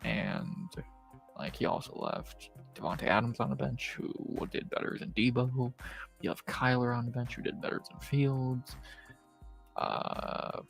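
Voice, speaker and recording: A man hosting a live stream, recapping his fantasy football league in a low, laid-back monotone with plenty of profanity. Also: vocal fry. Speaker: stream host. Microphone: streaming setup, close mic.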